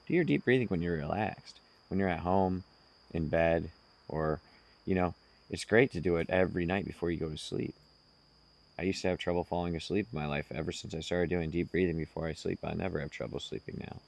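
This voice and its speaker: A man speaking slowly and earnestly, giving direct self-help advice to the listener. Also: low-pitched, creaky. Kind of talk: casual advice monologue.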